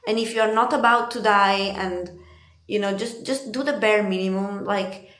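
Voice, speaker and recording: A woman's voice: mid-range voice, moderate pace, fairly bright tone. A woman from Italy giving a casual spiritual card reading, chatty and laughing often, swearing freely. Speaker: tarot card reader. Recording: echoey room.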